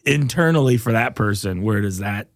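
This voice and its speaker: A man's voice: fairly low pitch, moderate pace. A young man hosting a podcast, chatting casually and jokingly and laughing often. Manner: laughs often, animated and jokey. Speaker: podcast host. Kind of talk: casual comedic chat.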